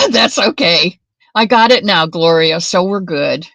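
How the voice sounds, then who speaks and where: A woman with a lowish, fairly bright, expressive voice talks at a measured pace in a dry recording. Hosting a casual crochet livestream in her home craft room, she's chatty, names her viewers, and wanders into side stories.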